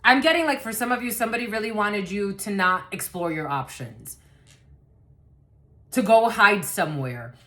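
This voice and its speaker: A woman's voice: medium pitch, lively intonation, normal speed, pushed and bright. A woman giving a collective tarot reading to camera, blunt and rambling, swearing freely and laughing often. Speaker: tarot card reader.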